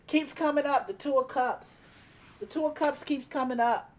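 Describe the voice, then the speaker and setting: A woman's voice: high-pitched, normal speed, a little mellow. A woman giving a tarot card reading, speaking emphatically, repeating her points and chuckling now and then. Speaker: tarot reader.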